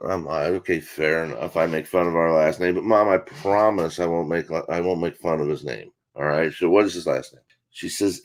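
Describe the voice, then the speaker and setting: Middle-aged male comic guest, lowish voice, deadpan and foul-mouthed, spins a long family anecdote. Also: moderate pace. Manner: deadpan, swears freely, acts out quotes. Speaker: comedian guest. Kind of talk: profane storytelling.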